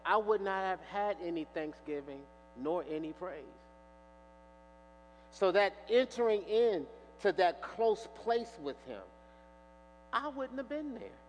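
Man preaching, acts out every line of the story, voice jumps all over, bit of hall echo. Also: high voice. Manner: animated storyteller, acts out dialogue. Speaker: pastor. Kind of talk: sermon with storytelling. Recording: reverberant hall with faint mains hum.

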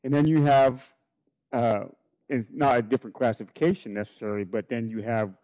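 A man with a voice of ordinary pitch talks about faith in a relaxed, conversational way. He asks questions and tells stories as a co-host. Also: a little fast, rough recording. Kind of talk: casual religious discussion.

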